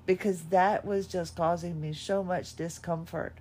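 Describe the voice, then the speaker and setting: A middle-aged woman hosts a podcast from home, offering a reflective personal monologue that sounds tired, emotional, and halting, with many restarts. Her voice is lowish and warm, with fairly even intonation.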